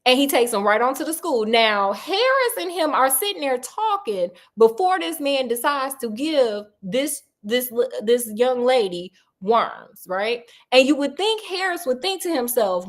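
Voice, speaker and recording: A woman's voice: sits high, big pitch swings, unhurried, few pauses. A woman casually retelling a children's story, chatty with sassy asides and frequent laughs. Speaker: storyteller host.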